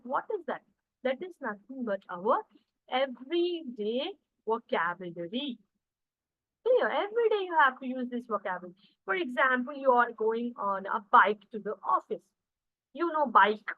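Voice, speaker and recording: A woman's voice: on the high side, no room sound. A woman with an Indian English accent, teaching a spoken English class online and explaining step by step. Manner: explains slowly, often says guys and okay. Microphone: video call. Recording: dry, phone-like call audio.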